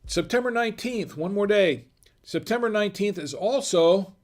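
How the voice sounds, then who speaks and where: This middle-aged wine review host speaks at a moderate pace in an animated voice that sits high. On his livestream he rambles casually from topic to topic, chuckling often.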